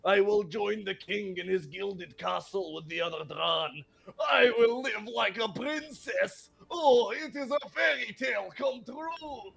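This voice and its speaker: A sheltered young noblewoman with a put-on Scottish lilt, as a man reads her diary aloud, prim and melodramatic, her voice sitting fairly high and full of gravelly fry. She pours out her woes in a storybook manner. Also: measured pace, fairly bright tone, exaggerated voice. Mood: dreamy. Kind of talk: reading aloud in character.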